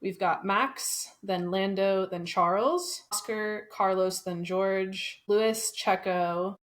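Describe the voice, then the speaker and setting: A woman's voice: medium pitch, takes it slowly. A woman co-hosting a podcast, giving wry remarks and running through race results in casual chat. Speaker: podcast co-host.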